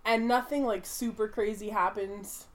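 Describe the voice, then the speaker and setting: A woman's voice: mid-range voice, fairly even intonation, moderate pace. Rambling, enthusiastic woman talking films. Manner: rambling, filler-heavy, enthusiastic. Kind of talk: casual movie chat.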